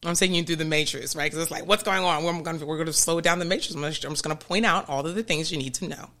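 A woman hosting a podcast, explaining ideas in a chatty, animated way and often checking in with her listeners. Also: low-pitched, rapid-fire. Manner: chatty, keeps checking in with "okay?" and "right?"; animated, laughs between points. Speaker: podcast host. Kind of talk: casual explanatory podcast talk.

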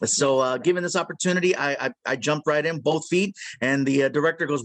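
A man being interviewed as a voice actor, telling animated, jokey stories and laughing at his own lines. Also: on the high side, quick pace, dry recording. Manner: animated storyteller, drops into character voices. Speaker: guest voice actor. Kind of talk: casual interview.

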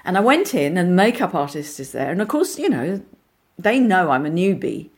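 An actress telling lively anecdotes in a casual interview, with frequent restarts and asides. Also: female voice, lowish voice, normal speed, slightly rough. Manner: animated storyteller, many restarts, acts out voices. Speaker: actress guest.

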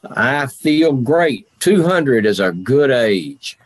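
A man portraying an aging Civil War general and president in first person, speaking with slow, deliberate, formal phrasing. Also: medium pitch, big pitch swings, no room sound. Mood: earnest. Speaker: historical reenactor in character.

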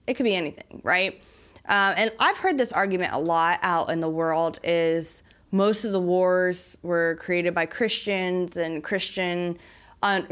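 A young adult woman hosting a solo podcast, talking in a chatty, animated way about faith and everyday life. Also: mid-range voice. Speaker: podcast host. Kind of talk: casual solo podcast talk.

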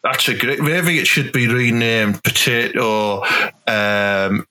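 A man, playing the dry foil in improvised comic banter, firing quips and quick questions. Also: mid-range voice, steady tone, sharp tone.

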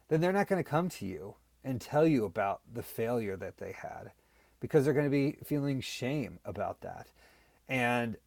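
A man's voice: medium pitch, no echo. Earnest storytelling man, dry sound. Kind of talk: casual podcast talk.

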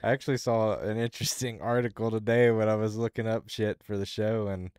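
Male podcast co-host, lowish smooth voice, dry close mic, loose rambling profane chatter. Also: fairly even intonation, fairly quick, a little mellow, dry recording. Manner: rambling, swears a lot, restarts sentences. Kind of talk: casual profane chat.

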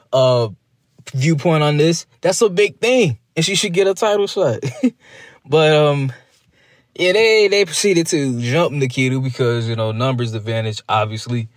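A man's voice: medium pitch, dry recording, clean studio sound. A man giving a casual, rambling recap review of a wrestling show, chatting loosely with lots of asides. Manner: rambling, chatty, slips into quick mock voices.

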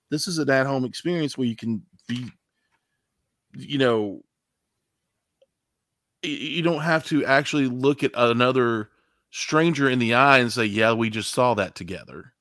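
A man's voice: mid-range voice, a little fast, a bit bright, dry recording, clean studio sound. A man co-hosting a casual movie review podcast with sarcastic, joking banter. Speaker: podcast co-host.

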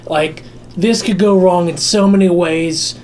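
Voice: mid-range voice, steady tone, measured pace, darkish tone, a little hiss or hum. A player of a tabletop game, talking casually with frequent fillers. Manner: casual, lots of fillers like 'like'.

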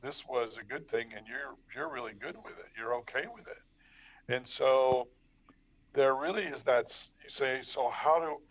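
A male co-host thinks aloud, hesitant and circling, leaning on "you know" as he restarts his point. His voice sits at a middling pitch. It comes through a dull, lo-fi microphone. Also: a little slow. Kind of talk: conversational discussion. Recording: dull lo-fi mic.

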